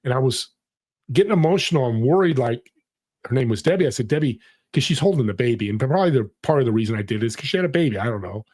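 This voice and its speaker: A man's voice: medium pitch, expressive, fast, darkish tone. A middle-aged man, a podcast guest, telling a personal story in an earnest, motivational way. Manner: earnest, motivational, acts out quoted people. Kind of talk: conversational storytelling.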